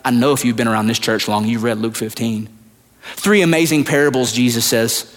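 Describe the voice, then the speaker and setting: A man preaching a sermon as pastor, swinging from loud high retellings to hushed low asides. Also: a little fast. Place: large church hall. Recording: long hall reverb, at times far from the mic.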